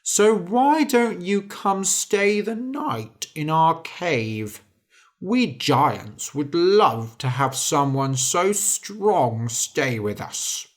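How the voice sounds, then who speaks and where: A narrator voicing a slow, gruff, mean giant. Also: mid-range voice, animated. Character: huge mean-tempered male giant.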